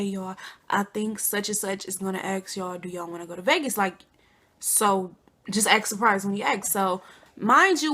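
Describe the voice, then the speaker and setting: A young woman from Flint, Michigan, telling a storytime to her viewers in a chatty, animated way. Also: medium pitch. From Flint, Michigan, USA. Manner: chatty, addresses viewers as y'all and girl, animated quotes. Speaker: vlogger. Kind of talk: casual storytime.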